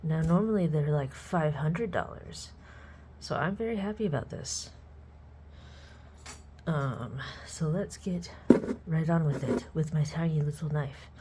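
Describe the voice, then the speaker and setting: A woman chatting casually as she unboxes a collectible on her channel, excitable and sometimes dropping to soft murmurs. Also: sits low, a little slow, background noise. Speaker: unboxing vlogger.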